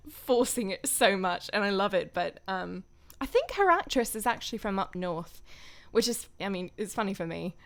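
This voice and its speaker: A woman's voice: mid-range voice, lively intonation, normal speed, vocal fry, fairly bright tone. A woman voice actor chatting casually on a stream, rambling and laughing often.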